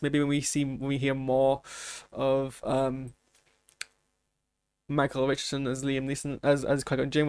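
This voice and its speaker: Rambling gravelly man reacting aloud. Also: mid-range voice, no echo. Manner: rambling, thinking aloud with many restarts. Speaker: trailer reaction host. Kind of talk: casual commentary.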